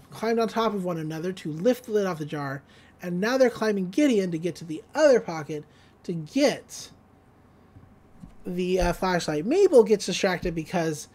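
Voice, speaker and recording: A woman hosting a podcast, recapping an episode in a casual, rambling way with many fillers and quick laughs. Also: lowish voice, lively intonation, a little mellow. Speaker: podcast host.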